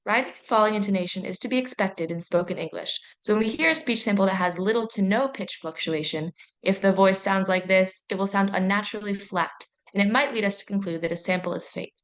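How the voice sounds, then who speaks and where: A young adult woman from a university, reading a training presentation in a clear, measured, explanatory way. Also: medium pitch, a bit bright.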